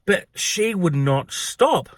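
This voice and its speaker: An Australian man who works at a pub, telling a story in a profane, gossipy, animated way. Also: high voice, slow, dry recording. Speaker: pub worker. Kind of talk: storytelling vlog.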